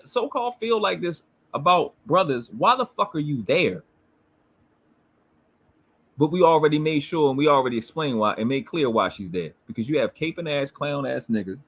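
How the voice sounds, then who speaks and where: A man's voice: on the high side, a bit bright. A man hosting a commentary show, reacting to a replayed livestream clip in a combative, mocking and profane way. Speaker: commentary channel host.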